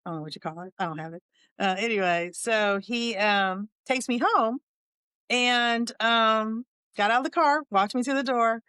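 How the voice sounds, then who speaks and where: Woman in her 60s, podcast host, candid funny storytelling, smooth voice, dry close sound. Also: fairly high pitch, moderate pace, sharp tone, dry recording. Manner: humorous and candid, laughs often, chatty asides.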